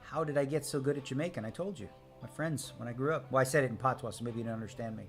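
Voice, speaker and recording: A man's voice: medium pitch, very fast. A man talking casually while streaming a poker game. He is brash and playful, tossing off jokes and replying to viewer comments in an easygoing mid-range voice. Faint music plays behind him. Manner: brash, joking, answers viewer chat. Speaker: poker player live-streaming. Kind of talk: casual live-stream chat. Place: home streaming setup.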